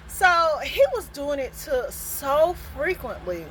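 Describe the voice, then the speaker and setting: Animated woman telling a storytime. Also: high-pitched, takes it slowly, slight background noise, low-quality recording. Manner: animated, expressive, laughs often. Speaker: vlogger. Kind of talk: casual storytime.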